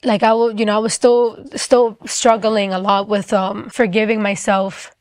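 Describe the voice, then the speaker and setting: A woman's voice: medium pitch, level tone, normal speed, a little mellow, dry recording. A young woman giving a personal faith testimony, talking casually with many fillers and quoting herself as she retells painful memories.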